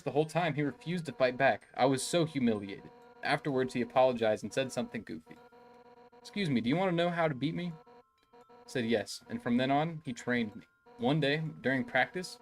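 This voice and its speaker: A brash fish-woman captain of a royal guard, voiced by a man who simply reads her lines in his own ordinary voice. The delivery is plain and conversational, at an average pitch, with faint music underneath. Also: natural voice. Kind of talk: reading game dialogue aloud on a live stream.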